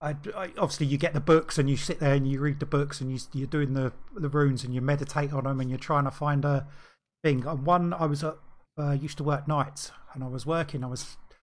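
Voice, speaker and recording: A man's voice: fairly high pitch, fairly even intonation, a little fast. A man co-hosting a podcast, telling a rambling story in casual chat, full of restarts and fillers. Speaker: podcast co-host.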